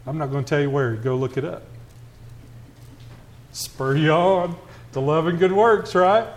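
Speaking a little high and a little slowly, a preacher addresses a church congregation in a conversational style. Rhetorical questions fill his sermon, which shifts from hushed asides to loud, forceful stretches.

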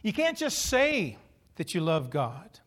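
A middle-aged male pastor preaching with a fairly high voice. He tells stories in an animated way and throws in funny asides. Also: slow. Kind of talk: sermon.

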